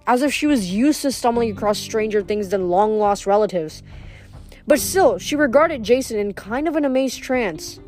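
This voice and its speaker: A woman reading chapters of a novel aloud in a steady storytelling narration. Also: mid-range voice. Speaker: reader.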